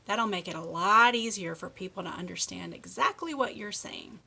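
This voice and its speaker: A middle-aged woman leading a speech lesson for young children, modeling words slowly with exaggerated endings and steady encouragement. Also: mid-range voice, creaky, slightly rough. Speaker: speech therapist.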